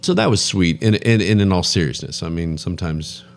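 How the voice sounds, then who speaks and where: A man's voice: low voice, brisk, creaky, soft background music. A man co-hosting a podcast, talking in a joking, rambling way and often repeating his words. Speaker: podcast co-host. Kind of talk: casual chat.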